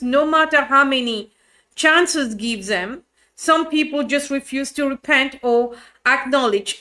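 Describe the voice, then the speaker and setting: A woman's voice: high voice, bright, forceful tone. A woman leading a Bible study, emphatic and fond of rhetorical questions.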